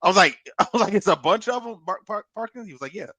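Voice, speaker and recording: Animated bright-voiced man telling a story. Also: high-pitched, quick pace, dry recording. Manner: animated, profane, laughs through his story. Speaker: podcast co-host. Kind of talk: casual storytelling on a podcast.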